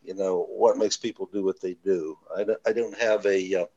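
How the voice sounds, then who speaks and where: A man's voice: deep voice, fairly even intonation, moderate pace, mellow. Hesitant male co-host, slightly distant, dull recording. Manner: hesitant, searching for words. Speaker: podcast co-host. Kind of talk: casual interview chat. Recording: dull lo-fi sound from further off.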